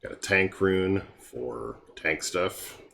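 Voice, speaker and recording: A tired, yawning man casually walking through a mobile game's heroes, relaxed and meandering with frequent ums. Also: sits low, takes it slowly, gravelly, slight background noise. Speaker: game guide creator. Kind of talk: casual game walkthrough commentary.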